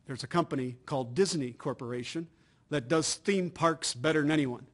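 A man's voice: fairly high pitch, moderate pace. A middle-aged man from the United States giving a business training talk on customer service, telling anecdotes with emphasis.

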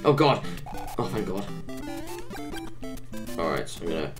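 A woman giving excitable, self-mocking commentary while playing a video game, often exclaiming at what happens on screen. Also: very deep voice, unhurried, music in the background. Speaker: gaming YouTuber. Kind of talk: let's-play commentary.

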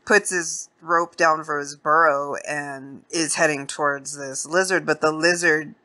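A woman hosting a casual movie podcast. She retells the scene in slangy, profane talk, with a fairly low voice and a bright, forceful edge. Her delivery is animated and loose. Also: measured pace. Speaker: podcast host.

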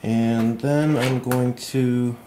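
A man walking through a model glider build at home at night, thinking aloud in a relaxed, self-deprecating way. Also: medium pitch, drawn-out words, background noise. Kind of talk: hands-on build tutorial.

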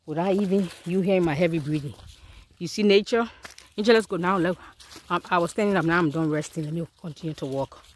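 A woman's voice: medium pitch, darkish tone. A woman in her fifties, out of breath as she hikes up a mountain trail outdoors, chatting casually to her phone camera and her dog. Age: 50s. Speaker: vlogger. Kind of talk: casual walking vlog.

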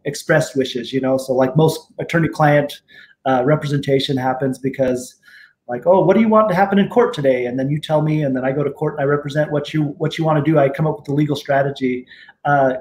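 A middle-aged man being interviewed as a guest, telling stories in a relaxed, rambling way, with many fillers and restarts. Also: medium pitch, brisk, slight background noise. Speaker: guest attorney and tribal judge. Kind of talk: casual interview storytelling.

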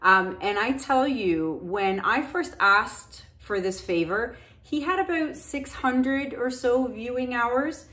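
A woman's voice: fairly high pitch, slow pace, few pauses, bright, forceful tone. Chatty middle-aged woman hosting a craft channel. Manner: chatty, thankful, loose with fillers. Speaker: acrylic pour painting channel host. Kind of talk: casual chat to viewers.

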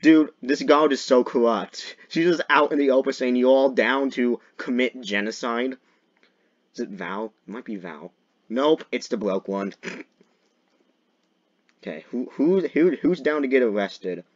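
A young man giving jokey gameplay commentary as a video creator, often breaking into loud, mock-dramatic shouts. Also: mid-range voice, unhurried, muffled recording.

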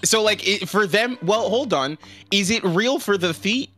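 A man co-hosting a game playthrough, playful and quick with silly jokes. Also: high-pitched, lively intonation, bright, forceful tone. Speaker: co-host of a game stream. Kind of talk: casual playthrough banter.

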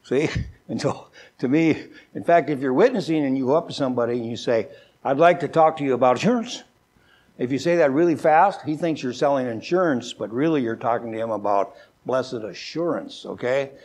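An older man preaching a sermon as a pastor, folksy and joking, who often repeats words and slows down with a lifted voice when he reads scripture. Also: medium pitch, a little mellow. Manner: slows down and lifts his voice when reading scripture.

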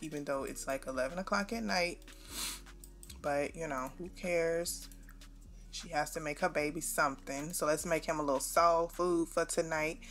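A woman giving casual, slangy, animated commentary over a game she is playing. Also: low voice. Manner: chatty, slangy, animated storytelling. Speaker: gameplay narrator.

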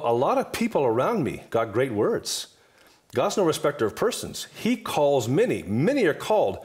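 A man in his fifties, a guest minister, talking in an emphatic, repetitive preaching cadence during a table talk. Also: medium pitch. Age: 50s.

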